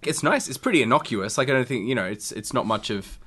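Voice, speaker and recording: Rapid-talking man in chat. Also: mid-range voice, lively intonation, a bit bright. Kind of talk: casual music review chat.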